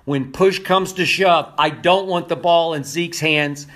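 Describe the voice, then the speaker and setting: An older man giving impassioned sports commentary, emphatic and repetitive, hoarse from losing his voice. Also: fairly high pitch, unhurried, a bit bright.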